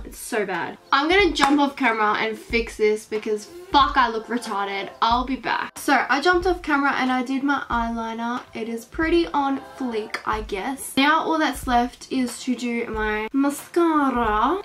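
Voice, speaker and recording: A teenage girl with an Australian accent, chatting casually while doing her makeup at home, ranting with lots of swearing and "like". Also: sits high. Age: teens. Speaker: beauty vlogger. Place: at home, indoors.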